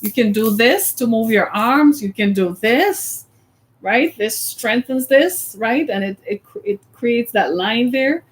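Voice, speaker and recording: A woman's voice: fairly high pitch, expressive, slow pace. Chatty, opinionated woman host. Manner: chatty, opinionated, tags sentences with "right?"; laughs often. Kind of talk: casual live-stream chat.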